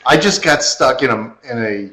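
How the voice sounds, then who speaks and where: A man's voice: mid-range voice, expressive, moderate pace, bright, forceful tone. A man co-hosting a podcast in casual chat, dropping dry wisecracks and teasing asides. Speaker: podcast co-host.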